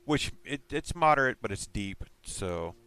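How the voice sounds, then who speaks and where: A man's voice: medium pitch, expressive, unhurried, pushed and bright, smooth. A man chatting casually with his live viewers, rambling and teasing. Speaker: live streamer.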